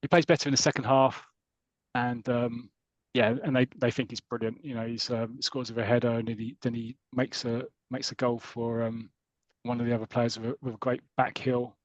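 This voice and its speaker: A man's voice: mid-range voice, level tone, moderate pace, dry recording, lo-fi sound. A man co-hosting a podcast, casually retelling a comic story with rambling asides and quoted lines. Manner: rambling, retells plot with quoted voices and laughs. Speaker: podcast co-host.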